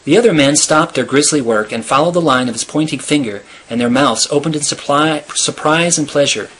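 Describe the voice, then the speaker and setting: A man reading a novel aloud in a steady, earnest storytelling manner. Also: a little high, fairly quick, slight background noise. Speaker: reader.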